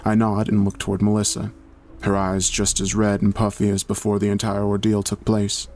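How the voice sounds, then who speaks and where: Low-voiced man reading horror fiction. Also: monotone, normal speed, a little mellow, soft background music. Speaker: narrator. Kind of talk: scripted horror narration.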